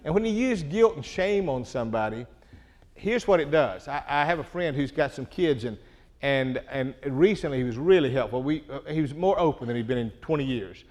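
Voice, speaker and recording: A man's voice: medium pitch, animated, brisk, darkish tone. A middle-aged man preaching a sermon in an earnest, conversational way, often checking in with the listeners. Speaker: pastor.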